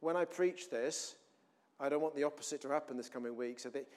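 A man preaching a sermon in a conversational way, often restarting, swinging between loud emphasis and quiet asides. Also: fairly high pitch, a little fast.

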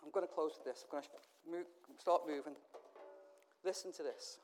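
Man, from England, middle-aged, sermon, high voice, storytelling, hushed to emphatic. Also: normal speed, soft background music. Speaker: preacher.

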